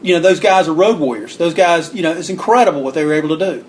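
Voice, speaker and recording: Animated man telling old stories. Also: fairly high pitch, fast talker, a little hiss or hum. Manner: animated storyteller acting out quotes; clears throat often. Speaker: guest author. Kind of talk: storytelling interview.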